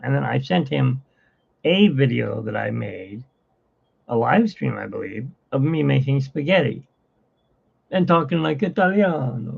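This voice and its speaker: Slow, gravelly man chatting on a livestream. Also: mid-range voice, expressive, narrow, tinny audio. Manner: rambling, chatty, laughs often. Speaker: livestream host. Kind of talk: casual livestream chat. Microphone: phone.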